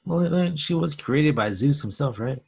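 A man co-hosting a podcast in casual chat, laid-back and quick to agree. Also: fairly high pitch, animated, vocal fry, a little mellow, breathy edge. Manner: laid-back, agrees a lot, many "like" and "you know" fillers. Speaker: podcast co-host.

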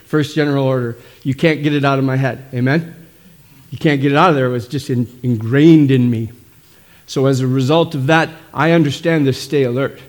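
A man's voice: mid-range voice, a little fast, a little mellow. A middle-aged man preaching a sermon, emphatic and calling out "amen?" again and again. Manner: emphatic, frequent calls of "amen?". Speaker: pastor.

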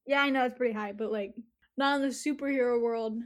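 A woman's voice: fairly high pitch, fairly even intonation. A young woman chatting casually with a friend, giggly and teasing as she tells her own dream. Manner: giggly, teasing, quick interjections. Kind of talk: casual chat.

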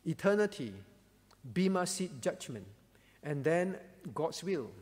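High, lively-voiced man preaching in a hall. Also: takes it slowly. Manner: emphatic, repeats key phrases. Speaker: pastor. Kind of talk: sermon.

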